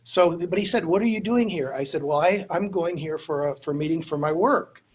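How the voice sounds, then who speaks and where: A man's voice: fairly high pitch, fairly quick, breathy edge. A man who teaches at a university, telling an anecdote in a lecture, self-deprecating, with many fillers and restarts. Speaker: university instructor. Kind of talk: storytelling lecture.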